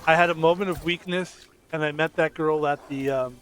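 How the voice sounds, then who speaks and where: A man streams a game and talks casually over it, rambling from one crude joke to the next. His voice sits a bit high for a man. He keeps it loose and unscripted. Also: steady tone, moderate pace, background noise. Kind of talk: casual gameplay commentary.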